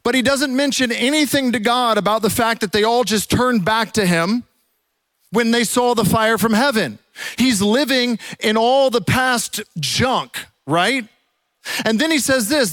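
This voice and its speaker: Man preaching, high voice, dry close sound, animated storytelling, church sermon. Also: unhurried, no echo. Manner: animated storytelling, drops to a hush for quiet moments. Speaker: pastor.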